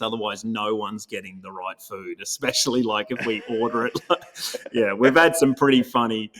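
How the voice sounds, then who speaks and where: Guest: Australian man, thick Toowoomba accent, relaxed storyteller who laughs a lot. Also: on the low side, normal speed. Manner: easygoing, laughs often while telling stories. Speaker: guest, pro angler. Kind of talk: casual interview chat.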